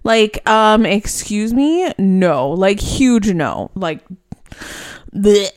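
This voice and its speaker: A woman's voice: mid-range voice, expressive, very slow, clear, resonant tone, no echo. A woman co-hosting a wrestling podcast, talking casually and bluntly, swearing and sounding unimpressed. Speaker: podcast co-host. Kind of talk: casual wrestling recap chat.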